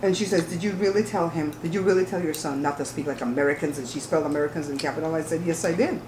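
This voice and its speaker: A woman's voice: sits low, racing, noisy background. Woman host, emphatic and outspoken, casual mealtime chat in a roomy room. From Belize. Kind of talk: casual chat while eating. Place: home, at the table. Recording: roomy echo.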